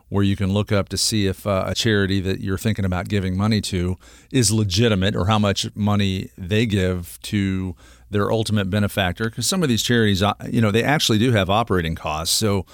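A man's voice: lowish voice, fairly even intonation, fairly quick, no room sound. Man, middle-aged, radio host, earnest, rambling, lots of restarts, dry studio sound. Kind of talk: casual radio talk segment.

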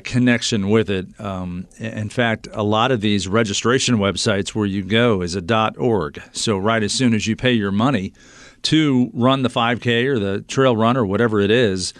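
A man's voice: lowish voice, clean tone, no room sound, studio quality. A man hosting a public affairs radio show, chatting casually with many fillers.

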